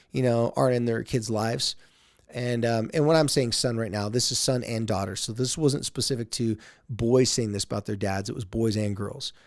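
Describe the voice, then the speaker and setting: Male podcast host, 30s, earnest storyteller, mid pitch, dry close sound. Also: darkish tone, no room sound. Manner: earnest, storytelling, acts out dialogue. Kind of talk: casual podcast monologue.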